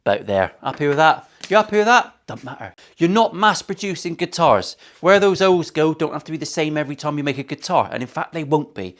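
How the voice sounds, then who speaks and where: Working on a guitar in his shop, this luthier speaks at a medium pitch and addresses the camera informally, trading cheeky banter, swearing plenty, and tossing in jokes.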